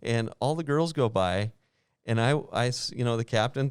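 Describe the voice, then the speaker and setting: A man hosting a podcast, telling a travel story in a lively way, acting out what others said and laughing often. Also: medium pitch, normal speed, clean tone, dry recording, clean studio sound. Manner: animated, acts out quoted voices, laughs often. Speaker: podcast host. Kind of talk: casual storytelling.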